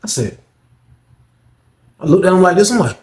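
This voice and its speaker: A man's voice: sits high, big pitch swings, normal speed, darkish tone. A young man telling a rambling, slang-heavy story in casual storytime style, acting out the other people's lines. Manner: slangy, rambling, acts out quoted voices. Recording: echoey room.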